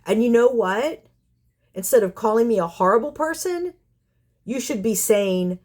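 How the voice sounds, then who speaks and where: A woman's voice: fairly high pitch, animated, unhurried, a little mellow. A woman hosting a cat rescue vlog, ranting at viewers in an exasperated, sarcastic way, rambling and firing off rhetorical questions. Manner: rambling with repeated phrases. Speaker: community cat caretaker and channel host.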